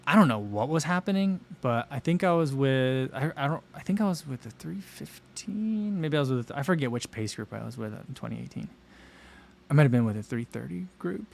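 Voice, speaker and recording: A man's voice: on the high side, gravelly. A man in his thirties hosting a casual livestream, chatting in a rambling way and reading viewer comments aloud. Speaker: livestream host.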